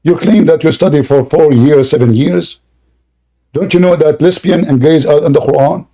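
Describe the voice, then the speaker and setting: Combative high-voiced man, straining throat. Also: moderate pace, warm tone. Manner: combative, insulting, repeats questions. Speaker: debate host. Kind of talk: heated online debate.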